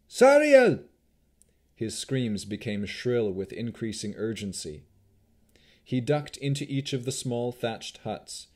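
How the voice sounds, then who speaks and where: A man narrating an audiobook in a steady, measured storytelling manner. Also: lowish voice.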